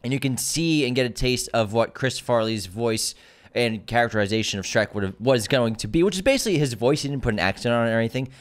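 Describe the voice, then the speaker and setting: A man's voice: mid-range voice, animated, fast. A man co-hosting a movie podcast, talking casually and trading teasing banter with his co-host.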